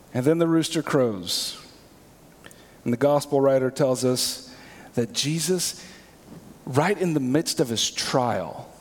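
A male pastor preaching a sermon, swinging between hushed, slow passages and emphatic, raised lines. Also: fairly high pitch. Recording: long hall reverb.

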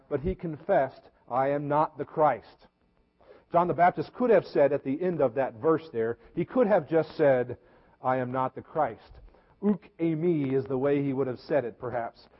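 Husky-voiced preacher in an echoey hall. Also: male voice, a little high. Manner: earnest preaching with repeated words and slow emphasis. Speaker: pastor. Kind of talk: sermon. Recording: echoey hall, dull lo-fi sound.

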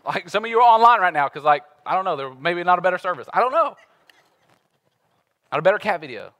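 A man in his thirties preaching a conversational sermon as a pastor, animated and acting out everyday voices. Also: high-pitched, fast. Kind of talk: casual sermon.

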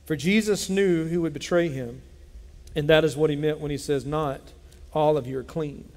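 A man preaching a sermon as pastor, telling a Bible story in an animated way and acting out its characters. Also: a little high, normal speed. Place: church sanctuary. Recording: long hall reverb.

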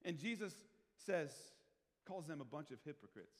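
With a fairly high, expressive voice and a normal pace, a male pastor delivers a sermon, talking conversationally and questioning the congregation. He shifts from hushed asides to loud, emphatic moments, all echoing with long hall reverb.

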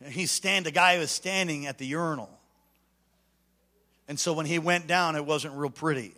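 Male pastor, high and bright, animated revival preacher with hushed asides and shouted peaks. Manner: swings from hushed storytelling to shouted exhortation. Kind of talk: revival sermon storytelling. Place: church sanctuary.

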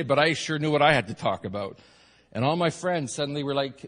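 A man preaching a sermon as pastor, rising to loud peaks and dropping to quiet asides. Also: mid-range voice, lively intonation, fairly quick. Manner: preaching, swings from shouted peaks to soft asides. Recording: long hall reverb.

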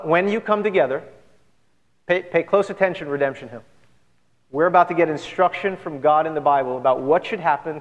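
A man pastor giving an earnest, conversational sermon full of rhetorical questions to his church. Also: on the high side. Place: church sanctuary. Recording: long church hall reverb.

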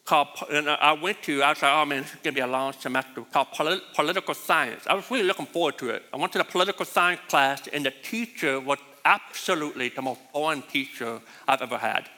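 A man's voice: a little high, pushed and bright. A middle-aged man giving a sermon built around a personal story, with a distinctive voice that he himself calls bad, rambling and repeating words as he goes. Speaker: preacher. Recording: long hall reverb.

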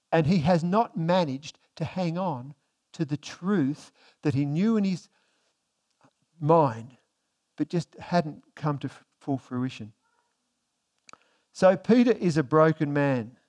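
A man preaching a conversational sermon, reading scripture slowly and softly between plain explanations. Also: fairly high pitch, expressive.

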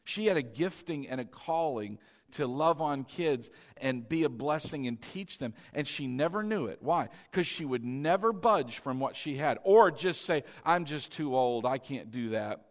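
A male pastor preaching a sermon in an animated way, calling on the congregation to repeat phrases after him. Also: fairly high pitch, moderate pace.

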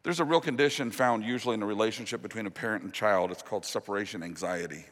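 A man preaching a sermon as pastor, earnest, dropping to a hushed, slow voice on the key promises. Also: on the low side. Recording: long reverb of a large hall.

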